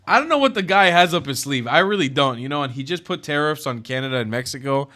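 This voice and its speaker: A man giving casual, profane and animated commentary on news clips as the host of his channel. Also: a little high, fast, hardly any pauses.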